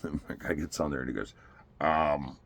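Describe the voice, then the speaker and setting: In a rumbling, gravelly low voice at a moderate pace, a man shares a casual story about taking his daughter to an amusement park. He's animated throughout, laughing often and acting out what others said.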